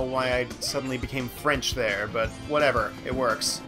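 A man talks through his game in a loose, rambling way, poking fun at himself as he goes. His pitch sits in an ordinary middle range, and bright game music plays under his voice the whole time. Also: steady tone, normal speed. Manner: rambling, self-mocking, offhand. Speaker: let's play host. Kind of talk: casual gameplay commentary.

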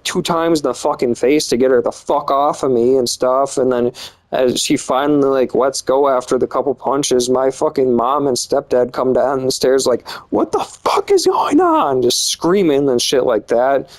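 A man's voice: mid-range voice, rough recording. A young man telling a personal story in a loose, rambling way, swearing often and filling gaps with "like" and "and stuff.". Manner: rambling and profane, lots of fillers. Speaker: vlogger. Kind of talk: casual storytime monologue.

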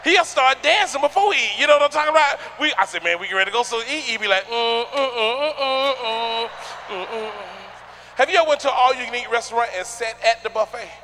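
A man doing a loud, animated stand-up routine on a comedy stage, acting out the voices in his stories. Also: extremely high pitch, racing, few pauses, a little hiss or hum. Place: comedy stage before a live audience.

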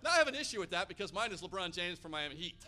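A man from Hawaii preaching a sermon, an energetic, animated storyteller. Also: high voice, rapid-fire. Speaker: pastor.

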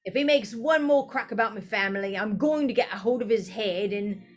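A woman's voice: mid-range voice, brisk, soft background music, lightly acted. A woman doing a hot-tempered teenage schoolboy. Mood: angry. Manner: angry, blunt outbursts.

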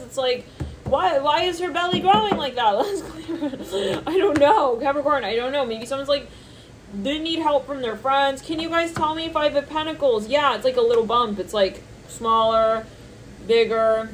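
A woman's voice: moderate pace, rough recording. A woman doing a channeled tarot reading, thinking aloud between card names, laughing often and squealing when she quotes people. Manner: squeals high-pitched reactions when quoting people. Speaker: tarot reader.

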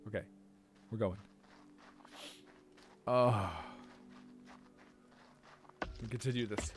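A man giving playful let's-play commentary as a game streamer, swearing and talking back at the creatures on screen, with sudden loud outbursts. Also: medium pitch, animated, normal speed, pauses often.

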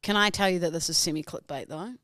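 A woman's voice: lowish voice, fast talker, fairly bright tone, dry recording, clean studio sound. A woman co-hosting a podcast, chatting casually and playfully, often giggling. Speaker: podcast co-host. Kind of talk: casual chat.

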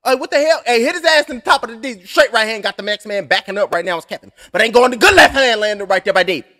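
A man's voice: extremely high pitch, animated, fast, sharp tone. A young adult man calling a fight blow by blow on a live stream, rambling and cursing with joking asides. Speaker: fight commentator.

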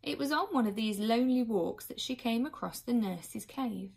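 A woman reading a children's book aloud expressively, now and then pausing for an aside to her listeners. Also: on the high side, lively intonation, vocal fry, darkish tone, husky. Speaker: reader.

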